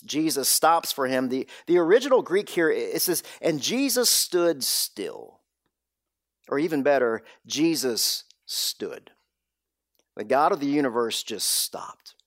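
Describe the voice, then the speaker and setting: A man's voice: fairly high pitch, no echo, studio quality. A man preaching a sermon, dropping into whispers and rising sharply for emphasis. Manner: dramatic, drops to whispers and rises for emphasis. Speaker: pastor.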